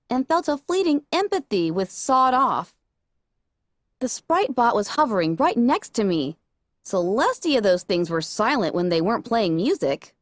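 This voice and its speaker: Lively, higher-pitched woman storyteller. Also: no room sound, clean studio sound. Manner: expressive, animated. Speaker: audiobook reader. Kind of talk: first-person story narration.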